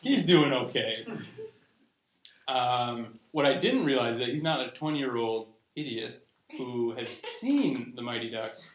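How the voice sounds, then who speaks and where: A young adult comedian with a mid-range voice, lively intonation, and a measured pace rambles through a live stand-up set, often stopping himself to start over. The recording is roomy with faint noise, and the audience laughs along.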